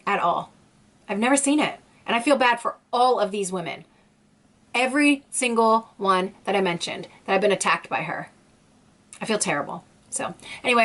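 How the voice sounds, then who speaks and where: A woman's voice: medium pitch, a bit bright. A woman vlogger ranting in an indignant, emphatic way, repeating phrases for emphasis as she speaks to her viewers. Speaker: YouTube vlogger. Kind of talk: ranting commentary vlog.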